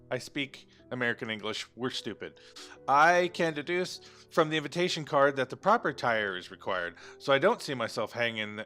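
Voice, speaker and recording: Bright-voiced man reading a story game. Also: fairly low pitch, smooth. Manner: reads the story aloud, breaking off for joking asides. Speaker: game player reading aloud. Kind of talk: let's play narration with commentary.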